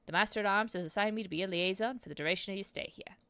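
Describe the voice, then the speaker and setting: A woman's voice: mid-range voice, racing, bright, forceful tone, clean tone, no room sound. A woman voicing a stern male enforcer captain, officious and scornful, reading game dialogue aloud in stiff formal speech.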